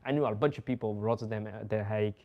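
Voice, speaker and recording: This young Dutch host talks rapid-fire in a lowish voice over lo-fi sound. He's an animated storyteller in a casual chat, cursing freely and laughing along the way.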